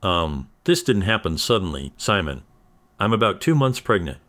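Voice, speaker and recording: A man's voice: low voice, big pitch swings, moderate pace, no echo. A man voicing a tearful, pleading young woman. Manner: soft, apologetic pleading.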